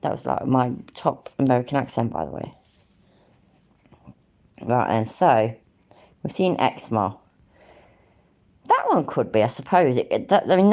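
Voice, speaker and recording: A woman's voice: rumbling low, a little mellow. An English woman rambling casually on a live stream, thinking aloud, humming to herself and swearing freely. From England.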